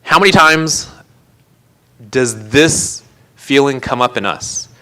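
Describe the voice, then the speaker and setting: On a live-streamed church service with poor audio, a pastor tells a parable with earnest storytelling, giving voice to each character's quoted words. He speaks slowly, with a medium pitch and a sharp tone.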